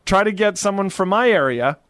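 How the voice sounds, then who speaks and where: A man co-hosts a podcast in a relaxed, playful way, teasing his partner and reading out listener notes. His voice sits a bit high, and the sound is dry and close. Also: a little fast, smooth, no room sound. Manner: playful, teasing, reads listener messages aloud. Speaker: podcast co-host. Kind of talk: casual podcast chat.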